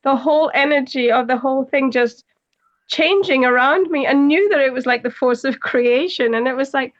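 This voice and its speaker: A woman with a high voice tells her story in a giggly, emotional way. The sound is dull and lo-fi, like a remote call. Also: normal speed. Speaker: guest. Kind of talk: casual spiritual chat.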